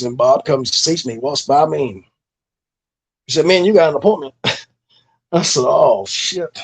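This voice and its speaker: Speaking with vocal fry in a mid-range, slightly rough voice, a middle-aged man looks back on his pro wrestling career. The interview is casual, his stories relaxed and profane and full of fillers.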